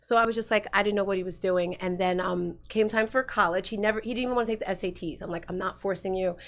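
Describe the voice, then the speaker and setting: A woman's voice: mid-range voice, quick pace, a bit bright. Middle-aged woman telling a story. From New Jersey. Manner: candid, rambling with fillers. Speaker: guest. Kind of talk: casual storytelling.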